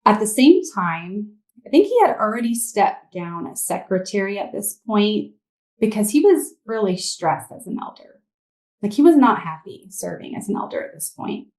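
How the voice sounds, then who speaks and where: Woman guest, candid personal testimony, mid pitch, echoey room. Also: very animated, normal speed, a little mellow. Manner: candid, rambling with fillers. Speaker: interview guest.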